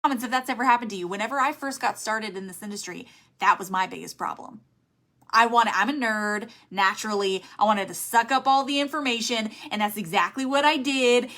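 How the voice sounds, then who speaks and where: A woman giving motivational sales coaching in an energetic, emphatic way, telling listeners what to do. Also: on the high side, brisk. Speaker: network marketing sales trainer.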